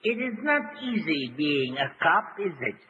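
A man playing a slow, proverb-quoting detective in a 1940s radio comedy, speaking in stately, mock-solemn aphorisms. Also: fairly high pitch, sing-song. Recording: tinny old radio broadcast, reverberant, hissy.

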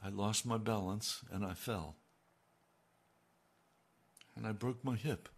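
An older man preaching a sermon, his low voice gravelly with fry. He talks slowly and earnestly, pressing hard on the key phrases.

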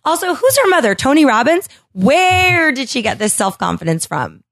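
A woman's voice: high voice, big pitch swings, normal speed, vocal fry, fairly bright tone, no echo. A woman hosting a casual podcast, blunt, profane and sarcastic as she mocks what she reads. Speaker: podcast host.

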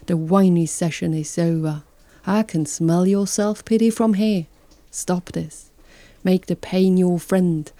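A gruff, no-nonsense male therapist who scolds without sympathy, as a woman puts him on. His voice is dark and mellow, slightly low and unhurried, with dry close sound. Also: fairly even intonation, no room sound. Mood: stern scolding. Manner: stern, scolding. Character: blunt, harsh male therapist who drinks whiskey.

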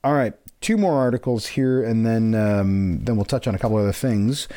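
A man's voice: lowish voice, normal speed, mellow. A man hosting a casual podcast, rambling and playful, with self-mocking asides. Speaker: podcast host.

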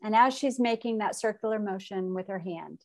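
A woman's voice: mid-range voice, normal speed, a little mellow. A middle-aged woman, a podcast guest telling an emotional personal story and acting out what others said. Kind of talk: conversational storytelling.

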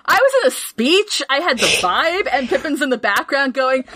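A woman co-hosting a podcast in casual chat, excitable, swearing freely and laughing often. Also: sits high, moderate pace, no echo. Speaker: podcast co-host.

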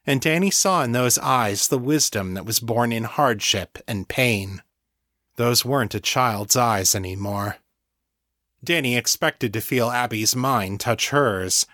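Steady male audiobook narrator. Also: medium pitch, no room sound, studio quality.

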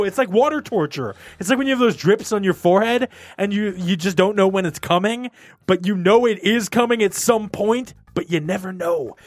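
A young man with a high, lively voice tells a story to friends, swinging his pitch widely and swearing freely. The sound is dry and close, with faint music underneath. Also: normal speed, no room sound. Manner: animated storytelling, swears often, shifts pitch for quoted voices. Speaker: storyteller in group chat. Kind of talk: casual chat.

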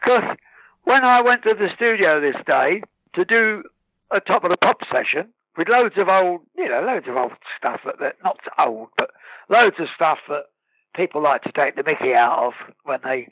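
A man telling anecdotes in casual talk, lively and animated, singing snatches of songs and laughing as he goes. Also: high-pitched, normal speed, dry recording, highs cut off. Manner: lively storyteller, breaks into sung snatches and laughs. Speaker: guest musician.

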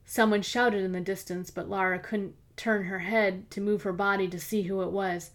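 A woman hosting a podcast, reading a mystery story aloud in steady, evenly paced scripted narration. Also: mid-range voice, moderate pace. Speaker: podcast host and author-narrator.

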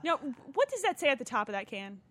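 A woman's voice: high voice, fast talker. A woman co-hosting a casual podcast, teasing and swearing freely. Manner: profane, teasing, animated. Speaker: podcast co-host. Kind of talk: casual chat. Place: basement.

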